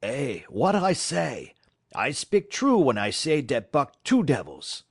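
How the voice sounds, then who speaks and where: A man voicing an excitable, rough French-Canadian dog driver in an audiobook, with a heavy French accent and shouted exclamations. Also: mid-range voice, slow, no echo, studio quality, pitched above the performer's own voice, exaggerated voice. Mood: gloating. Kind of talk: audiobook character voice.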